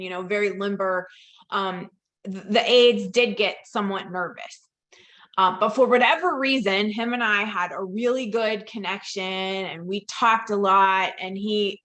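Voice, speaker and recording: A woman who works in dementia care, telling a story to a virtual audience over a video call and acting out the dialogue. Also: mid-range voice. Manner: lively storytelling that acts out quoted dialogue. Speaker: dementia care professional and presenter. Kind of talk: storytelling presentation.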